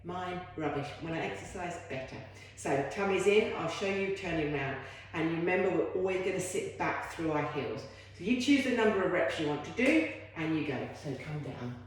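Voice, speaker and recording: A woman's voice: fairly low pitch, animated, moderate pace, hardly any pauses. A woman leading a home workout as a fitness instructor, chatty and encouraging with self-deprecating asides. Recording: very echoey room.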